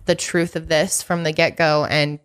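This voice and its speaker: A woman's voice: sits low, flat delivery, moderate pace, clean tone. A woman co-hosting a casual podcast chat, emphatic and indignant, swearing freely. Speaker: podcast co-host.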